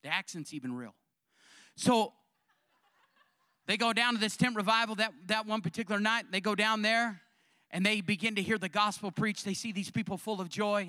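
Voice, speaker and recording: A man, a pastor, preaching a sermon with animated storytelling and fervent calls to the congregation. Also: sits high, no echo, studio quality.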